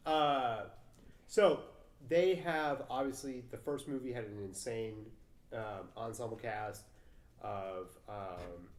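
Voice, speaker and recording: A young man co-hosts a casual podcast about films, speaking slowly in a mid-range voice. He rambles and swears, with lots of fillers, and the recording has a roomy echo.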